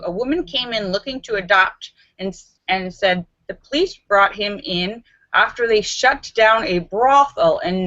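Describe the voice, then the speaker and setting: A woman hosting a casual live stream and reading out viewer jokes in a giggly, animated way. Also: mid-range voice, highs cut off. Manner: giggly and animated, breaks into laughter.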